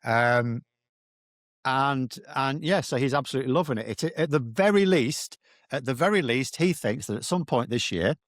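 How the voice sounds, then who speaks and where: A man's voice: mid-range voice, dry recording, studio quality. A British man giving casual political analysis, talking bluntly and animatedly with slangy asides. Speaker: political commentator.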